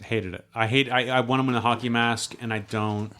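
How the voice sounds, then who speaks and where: A mid-pitched man from the United States talks in a dry, offhand manner as a podcast co-host. His speech has a slightly odd, mannered cadence. He tells anecdotes casually. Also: steady tone, a little fast, a bit bright, clear, resonant tone. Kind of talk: casual chat.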